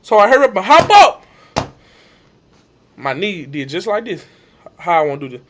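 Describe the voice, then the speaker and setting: A young man with a drawl recounts a personal story. His high voice swings widely, jumping up into cries and dropping low again. He acts out every shout and every line from the coaches. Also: big pitch swings, normal speed, noisy background. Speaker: vlogger telling his injury story. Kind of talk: emotional storytelling to camera.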